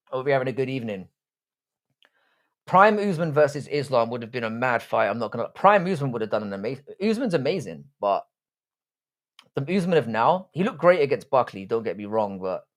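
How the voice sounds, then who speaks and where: A young British man hosts a casual live stream, greeting viewers and riffing on their comments. His talk is crude and profane, full of jokey asides. His voice sits at an ordinary middle pitch. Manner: crude, profane, joking banter.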